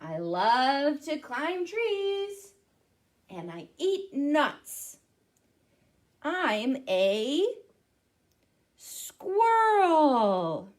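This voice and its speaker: A chatty, tree-climbing squirrel, as a woman puts it on, speaks in riddles. The voice sits high, swings widely and never hurries. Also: big pitch swings, drawn-out words, long pauses, full character voice. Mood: playful. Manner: riddling, teasing.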